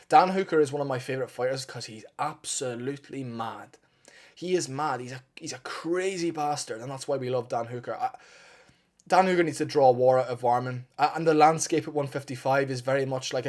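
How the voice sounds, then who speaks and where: A man talking through an upcoming fight in a loose, unscripted way. He is blunt and partisan, swears freely and talks himself into strong opinions as he goes. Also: medium pitch. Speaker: MMA fight analyst. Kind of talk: casual opinionated fight breakdown.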